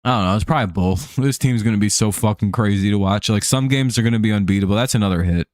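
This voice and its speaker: A man's voice: on the low side, fast, darkish tone, dry recording, clean studio sound. A man hosting a live stream, casually commenting on a baseball game, rambling with many fillers and restarts and frequent chuckles.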